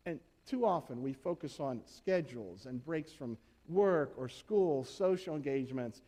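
A man's voice: on the high side, animated, a little slow, mellow. A man preaching a sermon in a conversational, emphatic way, asking the congregation rhetorical questions. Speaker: pastor.

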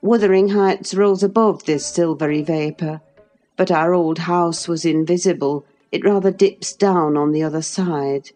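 Woman reading an old novel out loud, low voice, slow, lots of lilt. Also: faint music behind. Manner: measured, expressive storytelling. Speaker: audiobook narrator. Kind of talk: classic novel read aloud.

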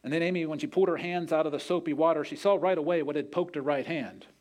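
A man's voice: on the high side, fast talker, darkish tone. A man preaching a sermon, telling a story in an earnest way and acting out the quoted voices. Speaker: pastor.

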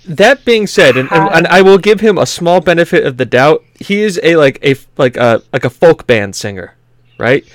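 A man's voice: on the high side, expressive, moderate pace, no room sound. A man co-hosting a gaming podcast in casual chat, rambling and laughing as he talks. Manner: rambling, laughing, puts on silly accents. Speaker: podcast co-host.

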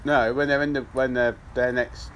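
A man's voice: medium pitch, moderate pace, slight background noise, poor audio. A man in his thirties with an English accent, co-hosting a casual podcast chat, laughing easily and stumbling over his words. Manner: animated, chatty, laughs easily, stumbles and restarts. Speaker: podcast co-host.

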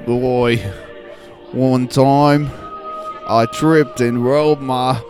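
A man's voice: mid-range voice, fairly even intonation, drawn-out words, a little mellow, faint music behind. A young man in casual gaming banter, playful and jokey. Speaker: gamer.

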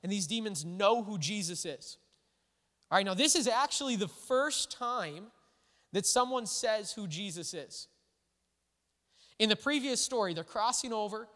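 A man preaching a sermon in a casual, animated way, full of asides to his listeners. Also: sits high, unhurried, pauses often. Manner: conversational, animated, full of "like" and "all right". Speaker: pastor. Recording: echoey hall.

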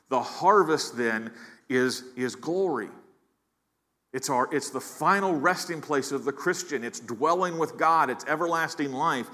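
A man's voice: fairly high pitch, a bit bright. A man preaching a sermon as pastor, earnest, often repeating words as he builds emphasis. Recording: long hall reverb.

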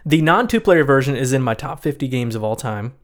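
A man's voice: medium pitch, expressive, brisk. Casual male co-host, mid-range voice, talks in loose rambling runs with restarts. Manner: rambling, self-correcting, laughs often. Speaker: podcast co-host. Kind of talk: casual chat about board games.

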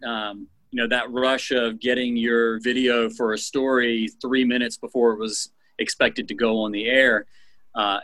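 A man, once a TV news editor and now a teacher, speaks as a guest. He reflects on his past at an unhurried pace, with many ums and restarts. His voice sits at a mid pitch and sounds dry and close. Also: bright, forceful tone, no echo, low-quality recording. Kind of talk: casual interview chat.

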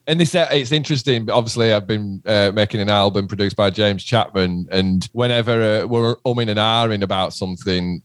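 A man's voice: lowish voice, dry recording, studio quality. A middle-aged man, a musician chatting casually in an interview, rambling and swearing. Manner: chatty, rambling, swears, says "do you know what I mean". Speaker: musician guest.

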